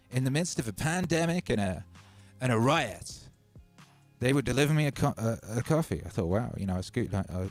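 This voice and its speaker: Male streamer, casual rambling chat with a sardonic edge, mid-pitched, faint music under him. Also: a little mellow. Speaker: livestream host. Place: home studio.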